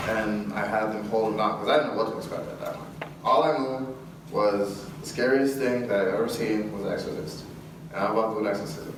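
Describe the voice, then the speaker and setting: A man speaking to a live audience, telling a story with lively acted-out dialogue and frequent laughs. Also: fairly low pitch. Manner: animated, acts out dialogue, laughs often. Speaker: guest speaker. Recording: echoey hall from far off with room noise.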